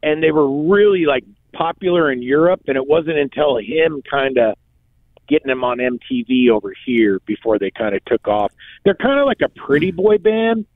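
A man's voice: a little high, big pitch swings, moderate pace, no room sound. A man co-hosting a radio show in casual chat, telling stories in laid-back slang. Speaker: radio co-host. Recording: tinny phone line.

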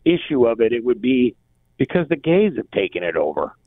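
Radio co-host, man, retells comedy bits with lively voices, thin phone-like sound. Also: medium pitch, fairly quick, no echo. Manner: animated storyteller, acts out quotes. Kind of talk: casual radio talk. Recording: tinny phone-like band, dry.

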